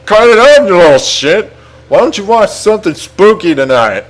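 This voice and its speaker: A man voicing a short-tempered middle-aged cartoon dad who scolds loudly. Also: on the high side, normal speed, voice pushed up, natural voice. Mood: scolding.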